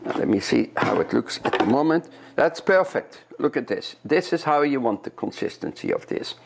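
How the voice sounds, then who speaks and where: A gravelly, lively-voiced chef from Europe walks through a recipe in a kitchen, talking step by step and repeating himself as he goes. Faint clinking of dishes and cutlery sits behind him. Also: mid-range voice, moderate pace, a little hiss or hum. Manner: chatty, step-by-step instruction, repeats words. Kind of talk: cooking demonstration.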